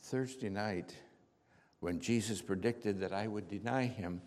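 A man preaching a dramatic first-person sermon monologue, slow storytelling that drops to hushed tones and bursts out loud. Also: on the low side. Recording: reverberant hall.

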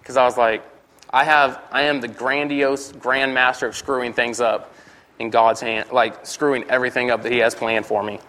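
A man's voice: mid-range voice, flat delivery, moderate pace, pushed and bright. A man in his twenties giving a rambling, candid personal testimony, constantly repeating "I was like" and poking fun at himself. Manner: candid and self-mocking.

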